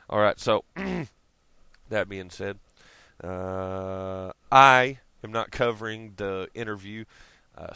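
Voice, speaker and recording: A man rambling through a profane vlog rant and chuckling at his own jokes. His voice is bright and sharp, with a smooth, clear tone. The sound is close and dry, with no room echo. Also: lowish voice. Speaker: vlogger.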